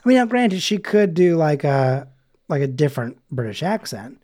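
Mellow-voiced man rambling in casual chat. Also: fairly high pitch, big pitch swings, moderate pace. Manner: rambling, many fillers and restarts. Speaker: podcast co-host.

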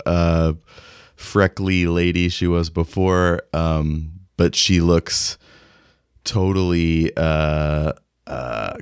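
A man's voice: low-pitched, smooth, no echo, clean studio sound. A man narrating as game master in a tabletop game, rambling and casual. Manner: rambling, casual, many fillers and restarts.

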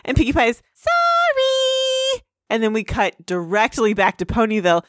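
A woman's voice: fast, no room sound, studio quality. A woman casually recapping a cartoon episode in a bubbly way. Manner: bubbly, puts on squeaky high voices for quotes.

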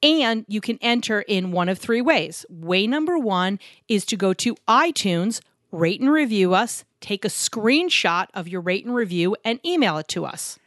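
This medium-pitched woman's voice swings widely in pitch, keeps a measured pace with hardly any pauses, and sounds a bit bright in a clean studio recording with no room sound. Co-hosting a podcast about couples in business from a home studio in Arizona, she chats casually, teases herself, and jokes while introducing guests.

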